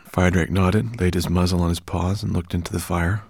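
A man narrating a fantasy audiobook in an expressive storytelling manner. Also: deep voice, normal speed, vocal fry, few pauses, breathy edge, no echo, studio quality. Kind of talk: scripted narration.

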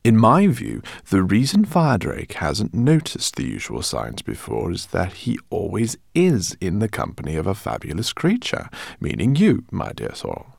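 A man's low, gravelly voice swoops wildly in pitch at a normal speed as he gives a full character performance. The character is a genial, fussy host, a kindly bookish middle-aged professor who talks in a courteous, rambling, gently embarrassed way. Studio quality, with no room sound.

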